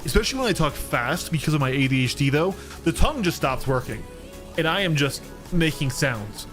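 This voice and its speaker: A man's voice: a little high, animated, brisk, a bit bright, soft background music. An American man streaming a game, chatting casually in a throaty, thick, slightly slurred voice with lots of restarts and self-deprecating asides. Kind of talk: casual chat while gaming. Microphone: studio microphone.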